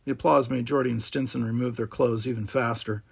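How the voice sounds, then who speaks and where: A man narrating a storybook aloud, animated, giving each character its own voice. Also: mid-range voice, a little fast, gravelly, husky.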